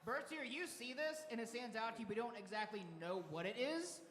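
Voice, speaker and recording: A man's voice: very high-pitched, animated, a little fast, fairly bright tone, a little hiss or hum. A man narrating a tabletop game as dungeon master, laughing often as he describes the action, recorded in an echoey hall. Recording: echoey hall with live crowd.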